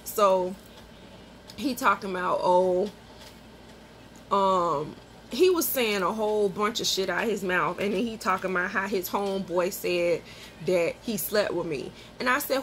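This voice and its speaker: Profane, animated woman telling a story. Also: medium pitch, measured pace, slight background noise. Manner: profane, animated, quotes people in sharp outbursts. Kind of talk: casual storytime.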